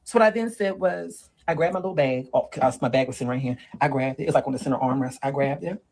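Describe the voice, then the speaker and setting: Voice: medium pitch, quick pace, a little mellow, a little hiss or hum, natural voice, low-quality recording. A performer playing a sassy middle-aged woman who lectures on dating in a comedic monologue and keeps calling the listener girl and honey. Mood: sassy lecturing. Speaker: relationship advice monologue.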